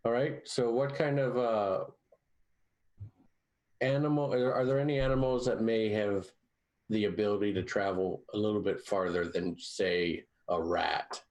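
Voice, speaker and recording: A man taking part in a tabletop roleplaying session, speaking casually and pausing with frequent fillers as he works out his moves. His voice sits somewhat low. He addresses characters with mild formality. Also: steady tone, darkish tone, lo-fi sound. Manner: hesitant, full of uhs. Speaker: player. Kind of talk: casual tabletop game chat.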